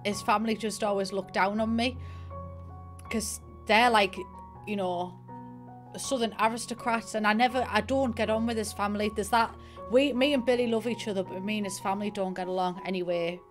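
A woman's voice: medium pitch, fairly even intonation, a little fast. A young woman with a Northeast English accent, streaming and chatting casually, rambling through a story and thanking viewers. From northeast England. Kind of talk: casual gaming stream chat. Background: faint piano music.

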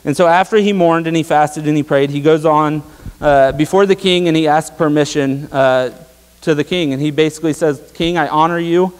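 A young pastor gives a casual sermon in a church sanctuary, speaking conversationally and filling his talk with fillers and tag questions. His voice is a little high with a clean tone at a moderate pace, and the recording carries a long hall reverb.

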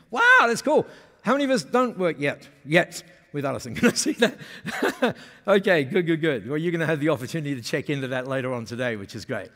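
A man giving a lively business seminar talk, often asking the audience questions. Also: a little high. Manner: energetic, asks the audience questions. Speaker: keynote speaker. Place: conference hall. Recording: long hall reverb.

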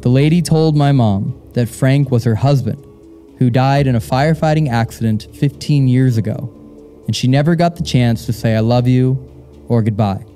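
Young man, live host, dark mellow voice, rambles and laughs a lot, soft music under it. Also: mid-range voice, normal speed. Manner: rambling, repeats words, laughs often. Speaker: co-host of a live paranormal show. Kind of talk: casual live stage chat and reading aloud. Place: live show in a castle venue.

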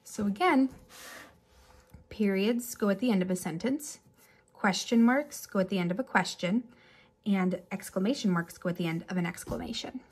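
A woman teacher giving a relaxed, chatty remote lesson to children, with animated examples and little asides. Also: medium pitch, normal speed, slight background noise.

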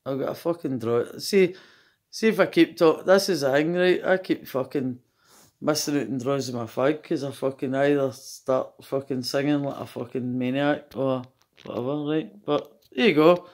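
A woman's voice: a bass voice, normal speed, a little mellow. A Scottish woman singing karaoke on her couch at home and chatting bluntly between verses, swearing and mocking herself. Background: karaoke backing music.

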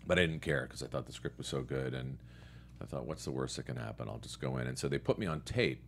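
A man's voice: a bass voice, quick pace, slight background noise. A man from New York and Connecticut, a guest actor telling stories in a casual interview chat. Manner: relaxed storyteller, quoting others in his own voice.

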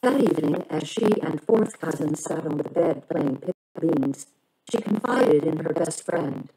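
A woman reading a children's novel aloud in a measured, expressive storytelling manner. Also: low voice, rough recording. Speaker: reader.

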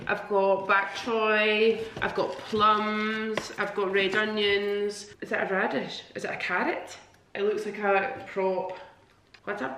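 A woman's voice: mid-range voice, fairly bright tone, a little hiss or hum. A woman with a Scottish accent, chatting enthusiastically to a handheld camera in a hotel room. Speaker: vlogger. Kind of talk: casual vlog chat. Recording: echoey room.

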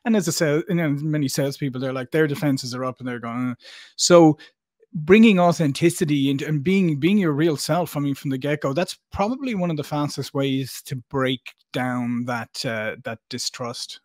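A man hosting a sales podcast, talking enthusiastically with frequent restarts and quick affirmations. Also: on the high side, a little mellow, no echo, clean studio sound. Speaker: podcast host. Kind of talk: podcast interview.

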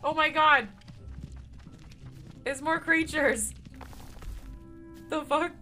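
A woman's voice: high voice, fairly even intonation, very slow, bright, forceful tone, soft background music. A woman streamer giving casual commentary as she plays a game, swearing freely and bursting into laughs and shrieks of surprise.

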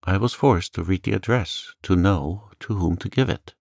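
A man voicing an earnest, frightened young sailor in a calm audiobook reading, pleading as he talks. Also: low-pitched, normal speed, gravelly, no echo, clean studio sound. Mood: earnest, anxious.

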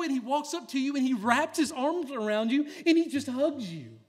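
A male pastor preaching a sermon in an earnest way, dropping to a hush and then rising to loud emphasis. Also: extremely high pitch, lively intonation, brisk, hardly any pauses.

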